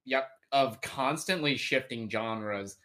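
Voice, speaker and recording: A man's voice: mid-range voice, slow, sharp tone. A man chatting casually on a podcast, rambling and joking with lots of "like" and "uh" fillers. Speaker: podcast co-host. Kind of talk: casual chat.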